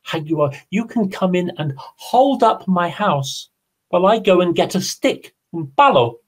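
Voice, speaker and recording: A squeaky, pleading trickster rabbit. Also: male voice, lively intonation, a little slow. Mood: wheedling. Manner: high, pleading, wheedling. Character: small sly male rabbit trickster, pleading. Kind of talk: storytelling in a language lesson.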